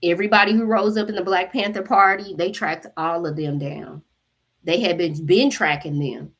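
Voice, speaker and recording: A woman hosting a spiritual channel, telling a story to her viewers in an animated, profane way and acting out the voices of the people in it. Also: fairly low pitch, normal speed. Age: adult mother. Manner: animated, profane, acts out quotes.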